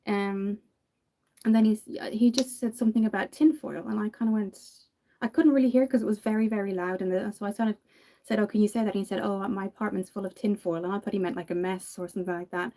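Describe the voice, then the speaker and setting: A woman's voice: mid-range voice, fairly even intonation, quick pace, warm tone. An Irish woman in her thirties chatting casually while doing her makeup, telling stories and laughing often. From Ireland. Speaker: makeup vlogger.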